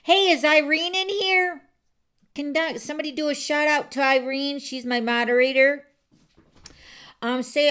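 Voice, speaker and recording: This card-making livestream host chats and rambles with her viewers from a home craft room, with plenty of fillers and false starts. Her voice is slightly high with a fairly bright tone.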